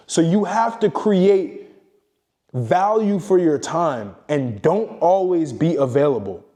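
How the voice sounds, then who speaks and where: A man's voice: a little high, dark tone. A man giving a blunt, profane motivational monologue as a self-improvement coach, lecturing emphatically.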